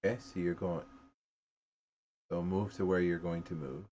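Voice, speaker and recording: A man narrating as game master in a relaxed, descriptive way. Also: low voice, normal speed, dull audio, a little hiss or hum.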